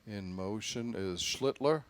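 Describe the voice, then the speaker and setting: A man announcing play-by-play for a local high school football game, his voice jumping up in pitch and volume on the big runs. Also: slow. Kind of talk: play-by-play commentary.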